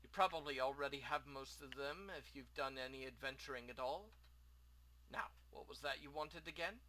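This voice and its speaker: A man's voice: medium pitch, normal speed, bright, forceful tone, a little hiss or hum, close to an everyday voice. A man doing a chatty, eager shopkeeper. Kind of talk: reading game dialogue aloud.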